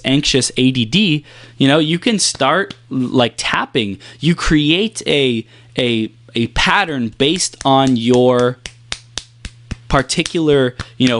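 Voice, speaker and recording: Emphatic man coaching with dramatic pauses. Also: medium pitch, a bit bright. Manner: emphatic, repetitive, plays with pace and long pauses. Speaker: performance coach. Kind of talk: motivational talk to camera.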